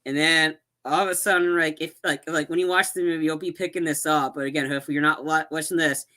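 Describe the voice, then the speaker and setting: A man's voice: fairly high pitch, fairly even intonation, fast talker, sharp tone. A man co-hosting a podcast, casually recapping a movie plot in a rambling way, full of restarts and acted-out quotes. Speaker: podcast co-host.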